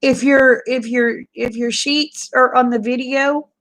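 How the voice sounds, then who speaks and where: A woman, chatting casually with viewers on a livestream, folksy and quick to laugh. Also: high voice, steady tone, a bit bright, poor audio. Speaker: livestream host.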